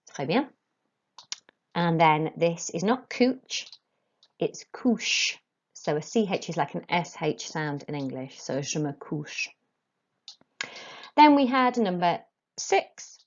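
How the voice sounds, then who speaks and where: Slow-speaking woman teacher, dull recording. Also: medium pitch. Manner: slow, deliberate dictation of French phrases with English explanations. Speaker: French teacher. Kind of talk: recorded classroom lesson.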